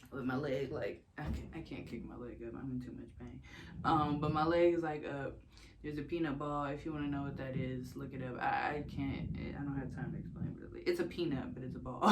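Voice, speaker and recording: A woman's voice: low-pitched, normal speed, a little mellow, slight background noise. A young woman from the United States telling her own story in a casual, candid vlog, swearing freely and laughing often. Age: young adult.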